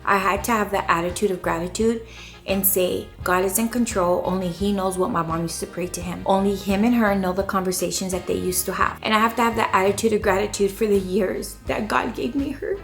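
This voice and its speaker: A woman's voice: medium pitch, fairly even intonation, brisk, fairly bright tone, soft background music. A woman in her thirties giving an earnest, faith-filled motivational vlog talk and repeating her catchphrase. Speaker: vlogger.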